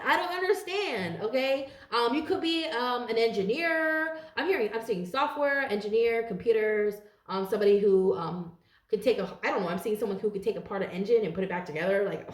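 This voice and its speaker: A woman's voice: a little high, lively intonation, brisk. Blunt, rambling woman tarot reader. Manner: blunt, profane, rambling with frequent fillers. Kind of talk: casual tarot reading to viewers. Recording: roomy echo.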